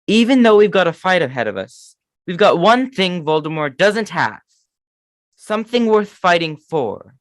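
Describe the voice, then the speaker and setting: A man's voice: high voice, sing-song, moderate pace, no echo, pitched above the performer's own voice. A man doing a rallying teenage boy wizard. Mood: rousing. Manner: earnest rallying speech, no accent put on.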